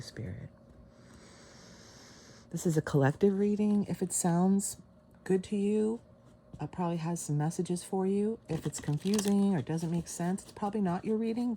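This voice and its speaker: Low-voiced woman doing a tarot reading. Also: slight background noise. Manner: emotional, breathy sighs, effusive and excited. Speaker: tarot reader. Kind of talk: casual spoken tarot reading. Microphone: camera mic.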